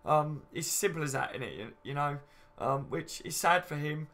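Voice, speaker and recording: Hosting a laid-back fan livestream, this man in his late twenties is chatty and matey, reads out viewer comments, swears freely, and keeps saying "you know what I mean." His voice is on the high side and animated, at a moderate pace with a fairly bright tone.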